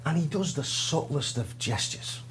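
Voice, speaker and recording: Animated Liverpool man telling a story. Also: on the high side, normal speed, a little hiss or hum. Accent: Liverpool English. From Liverpool, England. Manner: animated, self-mocking, laughing storyteller. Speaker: guest drummer. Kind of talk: storytelling interview.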